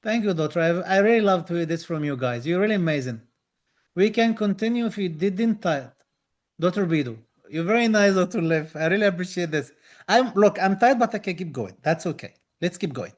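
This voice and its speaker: A high-pitched man with as a teaches a live online dental exam class. He talks with eager enthusiasm, repeating key phrases to encourage his students. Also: lively intonation, fairly quick. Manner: enthusiastic, reads out viewer comments, repeats phrases.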